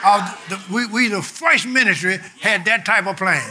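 An older man preaching a sermon, shouting with emphasis and then dropping suddenly quiet. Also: high voice, moderate pace, a loud crowd, heavy background noise.

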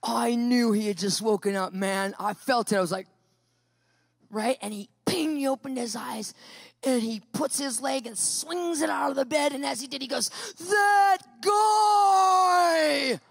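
A woman telling a personal story in a sermon, lively and animated, acting out what people said. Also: a little high, moderate pace, vocal fry, slightly rough, no room sound. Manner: lively, animated storyteller who acts out quotes. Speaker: Christian speaker.

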